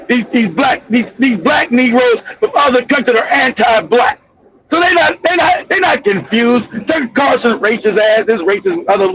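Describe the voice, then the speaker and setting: A man hosting a live stream, ranting in heated commentary, often shouting, cursing and restarting his words. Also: extremely high pitch, vocal fry, slightly rough, poor audio. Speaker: host. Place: home streaming setup.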